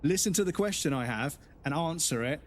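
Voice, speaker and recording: Profane ranting man, higher voice. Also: expressive, brisk, slight background noise. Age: adult with children. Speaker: game streamer. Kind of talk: casual live-stream rant.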